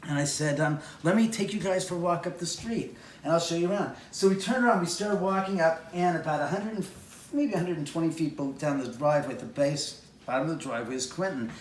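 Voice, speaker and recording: Give me a lively man with a slightly high voice, picked up from far off with a roomy echo, acting out the voices in his outdoor story. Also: a little hiss or hum. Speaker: homeowner and film producer. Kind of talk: casual anecdote told on location. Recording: echoey, distant, with faint outdoor ambience.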